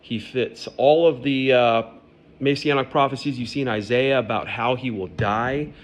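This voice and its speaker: A man's voice: mid-range voice, normal speed. A man hosting a podcast from home, talking conversationally and speaking straight to his listeners. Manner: conversational, addresses listeners directly. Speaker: podcast host. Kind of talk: casual podcast monologue on faith.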